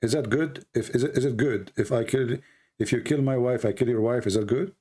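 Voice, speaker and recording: A man with an Arabic accent, an Arabic native speaker from the Middle East, hosting a heated online debate, pressing and repeating his questions while hoarse and coughing. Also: mid-range voice, fairly quick, mellow. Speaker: debate host.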